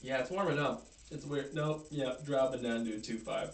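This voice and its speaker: A man's voice: medium pitch, moderate pace, echoey room, distant mic, slight background noise. A man co-hosting a casual beer podcast, mostly short agreeing replies and jokes. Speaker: podcast co-host. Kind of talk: casual beer-tasting chat.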